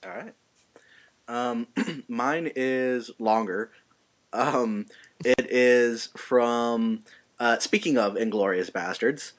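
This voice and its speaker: A man's voice: mid-range voice, very slow. A man hosting a casual podcast, introducing segments with hesitant ums. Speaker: podcast host.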